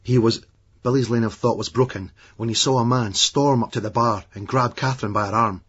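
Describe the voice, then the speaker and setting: A man reading a novel aloud as a narrator, in a measured, matter-of-fact way. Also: mid-range voice, steady tone, a bit bright, slightly rough. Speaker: audiobook narrator. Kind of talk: scripted narration. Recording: dull lo-fi remastered audiobook.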